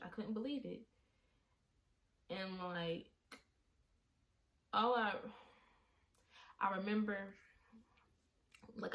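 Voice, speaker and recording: A woman vlogger telling an emotional story. She talks haltingly, with many fillers and restarts, and sounds shaken as she relives a frightening event. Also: medium pitch.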